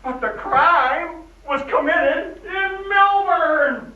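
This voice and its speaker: A man's voice: very high-pitched, big pitch swings, a little slow, full character voice. An actor playing a dry, mocking small-town sheriff in an old film, drawling his lines. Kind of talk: 1940s film acting. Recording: echoey, distant, dull old film soundtrack.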